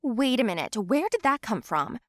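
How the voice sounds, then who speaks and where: A woman voicing a rude, snappy teenage sister in an animated storybook. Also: on the high side, moderate pace, dry recording, clean studio sound. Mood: sharp. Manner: sharp, rude.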